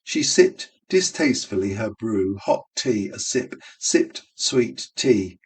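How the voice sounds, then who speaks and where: A man reading literary prose aloud, slow and unhurried, shaping each phrase like music. His voice sits at a middle pitch and is heard from a little distance off the mic. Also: very animated. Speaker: audiobook reader.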